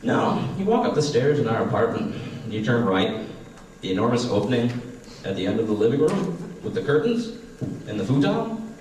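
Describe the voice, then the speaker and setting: A man's voice: mid-range voice, very animated, moderate pace, darkish tone. A man in his twenties doing a profane, self-deprecating stand-up comedy set. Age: 20s. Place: small stage at a comedy class show. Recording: echoey room, mic far off.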